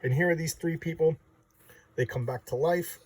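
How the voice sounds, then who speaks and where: A comic book reviewer chats casually and enthusiastically, rambling with lots of fillers and restarts. His voice is on the high side with a breathy edge, at a moderate pace, picked up by a distant mic.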